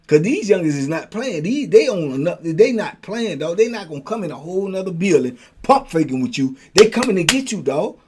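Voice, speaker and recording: A man's voice: sits high, fairly quick, hardly any pauses, a little hiss or hum. An older man telling a prison story in casual slang, acting out the voices of the people in it. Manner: animated, acts out voices of others in his story. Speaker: storyteller host.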